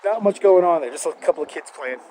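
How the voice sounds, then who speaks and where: A man's voice: a little high, fast, warm tone, low-quality recording. A man hosting a casual walking live stream outdoors on a city street, chatting with viewers and the animals he passes. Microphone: wireless clip-on mic. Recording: outdoor street traffic noise.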